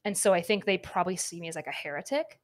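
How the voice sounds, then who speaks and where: A woman's voice: fairly low pitch, expressive, fast talker. A woman in her twenties talking candidly as a podcast guest, chatty and full of fillers. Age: 20s. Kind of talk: casual podcast conversation.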